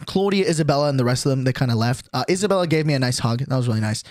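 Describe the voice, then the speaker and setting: A man's voice: medium pitch, animated, very fast, a little mellow, dry recording, studio quality. A young adult man streaming, telling a story casually to his chat, swearing often and filling with "like". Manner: crude, swears a lot, lots of "like" fillers.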